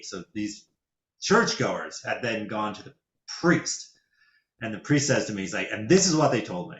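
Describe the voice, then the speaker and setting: Lively, laughing man telling stories. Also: lowish voice, moderate pace. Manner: animated storyteller, laughs often. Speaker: podcast guest. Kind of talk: casual chat, telling anecdotes. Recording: roomy echo.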